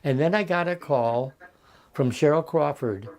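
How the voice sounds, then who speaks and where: A man in his eighties, a veteran actor being interviewed over a video call from his home, telling stories in an unhurried way and acting out the voices of the people in them. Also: on the high side, a little mellow. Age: 80s. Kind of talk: anecdotal storytelling.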